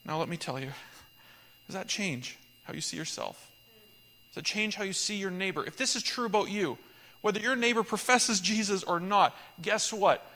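A man's voice: high voice, normal speed, bright, forceful tone, a little hiss or hum. A man preaching a sermon as pastor, delivering emphatic, repetitive litanies. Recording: echoey hall.

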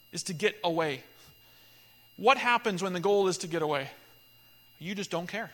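A man preaching a sermon, earnest and animated, swinging to loud emphatic peaks as he tells stories. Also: high voice, big-room sound. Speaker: pastor.

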